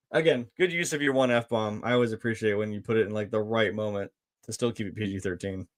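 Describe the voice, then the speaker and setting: A man's voice: lowish voice, fast talker. Laid-back man rambling through a film review. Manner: laid-back, rambling, laughs often, frequent fillers and swearing. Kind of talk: casual film review commentary.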